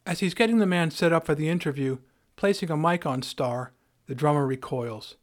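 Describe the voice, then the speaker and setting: A man's voice: on the high side, normal speed. A man hosting a podcast, narrating a scripted story in a wry, dryly humorous way. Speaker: podcast host.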